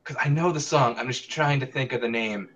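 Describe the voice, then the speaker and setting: A man's voice: medium pitch, fairly quick, fairly bright tone, slight background noise. A man competing in a trivia quiz, thinking aloud as he hunts for answers. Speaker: trivia contestant.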